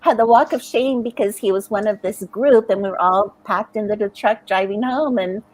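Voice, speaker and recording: A woman's voice: medium pitch, moderate pace, no room sound, poor audio. A middle-aged American woman co-hosting a writing livestream, chatting casually and telling stories with frequent laughter. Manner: chatty storyteller, laughs often, animated. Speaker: livestream co-host. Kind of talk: casual chat.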